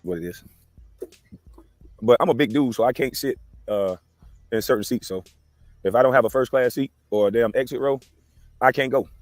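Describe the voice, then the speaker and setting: A man's voice: medium pitch, no room sound. A man chatting casually on a livestream through a headset outdoors, rambling and cursing. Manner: rambling, cursing, quick talk. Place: outdoors in the wind.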